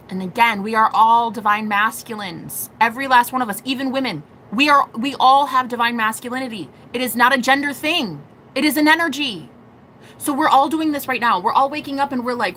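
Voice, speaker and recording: Young woman, tarot streamer; bright, forceful delivery, profane and theatrical, slight background noise. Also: a little high, fairly quick. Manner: animated, profane, acts out quoted voices. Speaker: tarot reader. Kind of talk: live-stream tarot reading.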